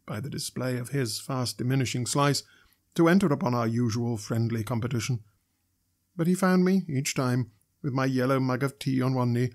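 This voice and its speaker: A man reading a classic novel aloud as narrator, in a measured, steady way. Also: medium pitch, slightly rough. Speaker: audiobook narrator. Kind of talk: scripted narration.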